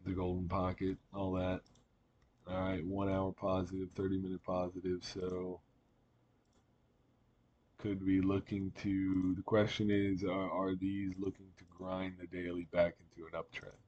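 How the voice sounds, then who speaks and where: Low flat-voiced man rambling over charts. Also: measured pace, highs cut off, slight background noise. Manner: rambling, many fillers and restarts. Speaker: market analyst. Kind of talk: casual trading chart commentary.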